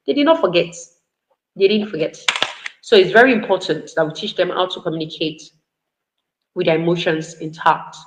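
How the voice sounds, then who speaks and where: A woman giving an online parenting talk, earnest, repeating her points for emphasis. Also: lowish voice. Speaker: parenting educator. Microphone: video call. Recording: roomy echo.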